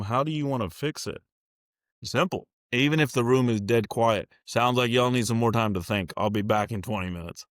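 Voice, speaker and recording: Guy who runs a school district chatting on a podcast, lowish voice, folksy, dry close sound. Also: dry recording. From California. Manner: plain-spoken, folksy, acts out quoted exchanges. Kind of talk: casual interview talk.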